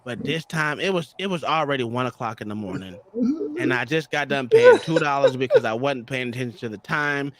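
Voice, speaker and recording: A man's voice: mid-range voice, huge pitch swings, a little fast, no room sound. A man on a podcast, casually telling a story in a profane way and acting out heated quotes. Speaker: podcast co-host.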